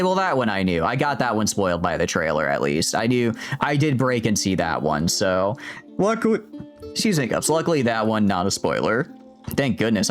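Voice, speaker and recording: Low-voiced man rambling over game music. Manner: rambling, jokey, talks to chat. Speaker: streamer. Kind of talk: casual gameplay commentary.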